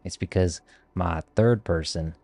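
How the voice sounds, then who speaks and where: Deep-voiced man in a Texas drawl. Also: a little slow, gravelly, a little mellow. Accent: put-on Texas drawl. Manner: joking, profane banter with viewers. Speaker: live streamer. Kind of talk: casual livestream chat while gaming.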